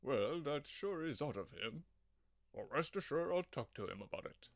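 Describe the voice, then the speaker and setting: A man voicing a steady male warrior hero who speaks in a calm, reassuring way. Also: medium pitch, moderate pace, gravelly.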